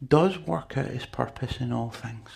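A man's voice: medium pitch, measured pace, creaky, a little mellow, breathy edge. A man preaching a sermon in a chatty, conversational way, with asides to the congregation.

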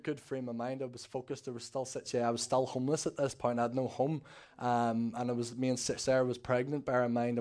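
Young Northern Irish man, church testimony, candid storyteller, steady monotone delivery. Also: mid-range voice. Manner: candid storytelling, acting out quoted dialogue. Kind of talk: personal testimony.

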